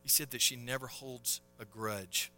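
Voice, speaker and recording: A man preaching a sermon at a conference, telling a story and moving from loud emphasis to hushed tones. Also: mid-range voice, fairly even intonation, a little slow, faint music behind. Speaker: conference speaker.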